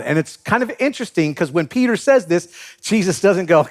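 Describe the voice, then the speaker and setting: Brief: a male pastor delivering a sermon, jokey, acts out the quotes, high and highly expressive. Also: moderate pace. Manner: animated storyteller acting out quotes, joking.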